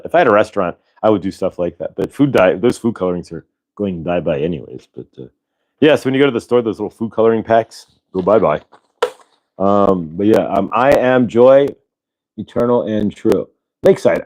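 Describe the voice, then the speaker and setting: A man of middle pitch hosts a relaxed spiritual livestream and chats on at length. His talk is upbeat and wandering, and he often stops to read viewer comments aloud and reply to them. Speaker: livestream host. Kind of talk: casual spiritual livestream chat.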